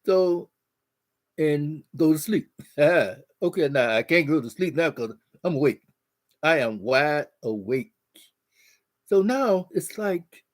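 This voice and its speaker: A man telling a marriage story in an animated way, acting out the dialogue. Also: fairly high pitch, takes it slowly, long pauses. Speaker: speaker on marriage. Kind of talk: storytelling talk.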